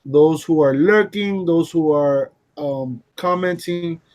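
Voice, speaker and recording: A man's voice: on the high side, slow pace, darkish tone. A man co-hosting a live stream, chatting casually and talking straight to the viewers in the chat. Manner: playful, addresses the chat directly. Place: lived in Texas.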